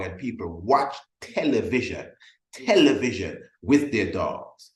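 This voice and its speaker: Presenting a motivational sales webinar, a man with a lowish voice speaks emphatically, repeating his points and acting out little scenes to drive them home. There's a roomy echo on the recording.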